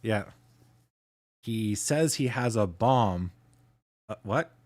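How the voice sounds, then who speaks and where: A man from Canada hosting a casual livestream, chatting with his viewers in a relaxed way and chuckling often. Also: on the low side, takes it slowly. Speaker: livestream host.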